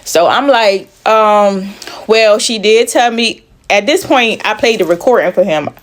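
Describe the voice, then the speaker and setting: A woman truck driver telling her own story in casual chat. She is blunt and profane, acts out the dialogue, and pauses to catch her breath. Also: mid-range voice.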